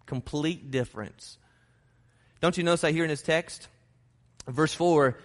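A male preacher with a high voice delivers an emphatic sermon, driving his points home through repetition. His words ring out in a church sanctuary with a long, lingering reverb. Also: moderate pace, fairly bright tone. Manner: emphatic, repeats key phrases. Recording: long reverb of a large hall.

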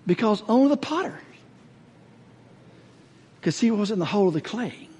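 A man preaching a sermon, telling a story earnestly and slowing down to stress his points. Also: animated, warm tone, husky. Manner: earnest, slows and drops low to stress points. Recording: echoey hall reverb.

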